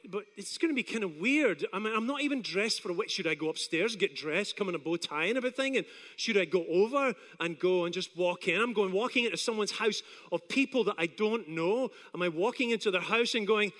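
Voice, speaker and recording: High-pitched Scottish man preaching in a hall. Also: fast. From Scotland. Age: 40s. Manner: animated, self-deprecating storyteller who acts out his own inner doubts. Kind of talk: storytelling sermon.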